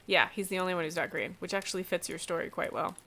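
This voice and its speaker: A woman acting as game master of a tabletop role-playing game, narrating and pausing to think aloud while she works a map program. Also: on the low side, fairly bright tone. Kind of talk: running a tabletop game over a call.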